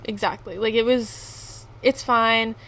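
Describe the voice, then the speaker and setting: A young woman with a fairly high voice co-hosts a podcast. She tells her story in an animated way, using casual slang. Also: slow. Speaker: podcast co-host. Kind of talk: casual chat.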